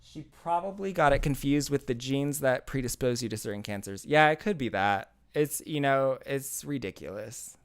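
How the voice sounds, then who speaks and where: A man's voice: mid-range voice, normal speed, few pauses, smooth. A man hosting a casual livestream, reading out chat and reacting sarcastically, laughing and repeating himself. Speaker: streamer host reading chat. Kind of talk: casual live-stream commentary.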